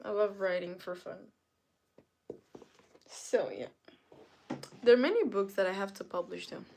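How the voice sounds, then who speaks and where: A woman hosts a casual live stream, unhurried and relaxed in pace. She chats playfully with her viewers, answers their comments and laughs easily. Her voice sits at an ordinary middle pitch for a woman. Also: creaky, a little hiss or hum. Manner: chatty, playful, laughs often, pleads for likes. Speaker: livestream host.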